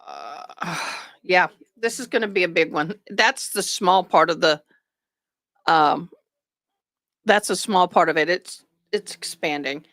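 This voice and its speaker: A woman's voice: fairly low pitch, slow pace, dry recording, clean studio sound. Chatty woman livestream host. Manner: chatty, rambling, warm toward viewers. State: tired. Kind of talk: casual chat with live viewers.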